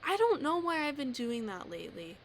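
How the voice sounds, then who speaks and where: A woman's voice: high voice, big pitch swings, moderate pace, slight background noise. A teenage girl ranting casually to camera, rambling and self-deprecating, with lots of filler words. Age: teens. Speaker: vlogger.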